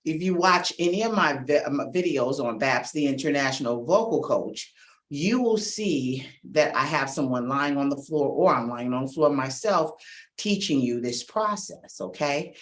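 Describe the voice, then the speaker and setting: A middle-aged woman vocal coach leading a warm-up lesson, energetic and encouraging, giving brisk, direct instructions and checking in often. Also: low-pitched. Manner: energetic and encouraging, checking in with "okay?" and "all right?".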